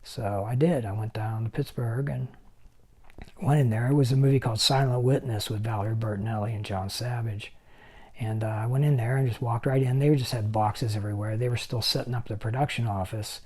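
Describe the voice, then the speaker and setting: Mellow-voiced man in his sixties telling stories. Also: medium pitch, a little fast, slightly rough. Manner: animated storyteller who acts out other people's lines. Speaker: special effects makeup artist guest. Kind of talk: anecdotal storytelling.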